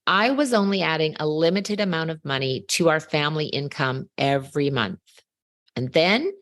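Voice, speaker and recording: A woman's voice: low-pitched, no echo. A woman hosting a podcast in a scripted monologue, telling a story with emphasis and rhetorical questions into a close mic. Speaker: podcast host.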